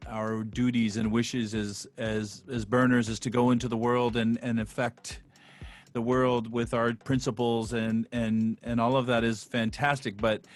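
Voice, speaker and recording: A man on a video call who talks in a halting, heartfelt way with a radio DJ flair. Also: mid-range voice, level tone. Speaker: guest. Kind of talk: casual chat on a video call.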